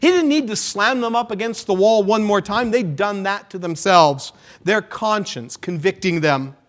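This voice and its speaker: A man preaching a sermon as pastor, with dramatic swings between hushed lines and loud, emphatic ones. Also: sits high, moderate pace. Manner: dramatic preaching with sudden hushed drops and rises.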